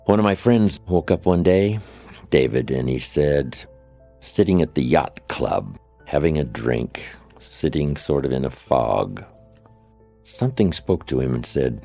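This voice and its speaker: A man's voice: a bass voice, expressive, normal speed, creaky, dark tone, faint music behind. A man giving a motivational speech, telling folksy anecdotes with asides to the audience. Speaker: motivational speaker.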